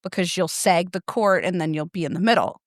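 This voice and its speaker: A woman co-hosting a podcast, telling a story in a lively way and laughing often. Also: on the low side, brisk, no echo, clean studio sound. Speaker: podcast co-host. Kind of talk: casual chat.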